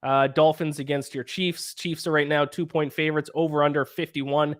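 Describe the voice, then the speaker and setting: A man's voice: on the high side, flat delivery, normal speed. A man with a Canadian accent hosting a casual sports podcast, reeling off schedules and betting odds in an analytical way. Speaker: podcast host.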